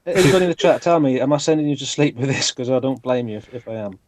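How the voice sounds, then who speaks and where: A man's voice: mid-range voice, rapid-fire, a little mellow, slight background noise. A man co-hosting a casual live stream, self-mocking and talking to the viewers. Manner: self-mocking, addressing the chat. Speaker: co-host.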